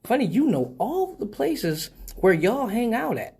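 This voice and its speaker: A man hosting a live show, telling a profane story in a casual, animated way and laughing often. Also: high voice, takes it slowly, vocal fry, long pauses, a little hiss or hum. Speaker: host of a live call-in show.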